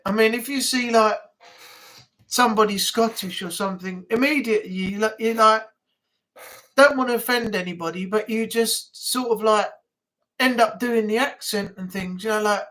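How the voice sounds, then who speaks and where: A woman hosting a relaxed live chat stream, talking loosely and rambling with plenty of fillers and asides. Her tone is informal and conversational, and she sounds at ease. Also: fairly high pitch, poor audio. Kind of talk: casual chat.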